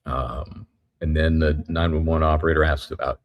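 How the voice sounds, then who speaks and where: A man giving a live courtroom recap as a trial reporter, retelling events in a halting, methodical way. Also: a bass voice, fairly even intonation, highs cut off.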